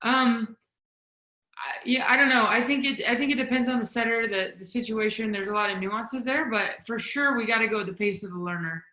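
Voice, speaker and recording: Bright, emphatic woman coaching on a call. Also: fairly high pitch, fairly quick, roomy sound, low-quality recording. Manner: energetic, emphatic, talks while demonstrating. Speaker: volleyball coaching guest. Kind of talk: coaching talk on a video call. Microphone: video call mic.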